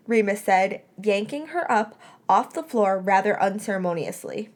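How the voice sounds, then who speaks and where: A woman at a middle pitch reading a story aloud for a podcast. Her delivery is plain and steady, with the odd small slip that she corrects. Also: moderate pace. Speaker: podcast reader. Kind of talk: reading fan fiction aloud.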